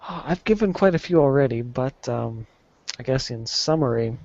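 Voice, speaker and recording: A man's voice: medium pitch, expressive, moderate pace, gravelly, darkish tone, no echo. A man in casual chat, laid-back and often stumbling over his words. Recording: dry, muffled lo-fi recording.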